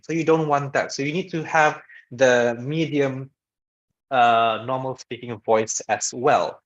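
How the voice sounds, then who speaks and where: Speaking at a medium pitch and measured pace, a man teaches public speaking in a relaxed lecture over dull webinar audio. He chats conversationally, checks in with frequent "okay"s and "all right"s, and moves between loud and soft to show voice patterns.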